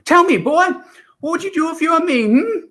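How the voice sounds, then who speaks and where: The Doctor, breathless and shrill. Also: male voice, animated, fairly quick, bright, forceful tone, exaggerated voice. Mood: breathless, theatrical. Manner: breathless, theatrical, swooping high. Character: eccentric male time-travelling alien Doctor. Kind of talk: amateur impression.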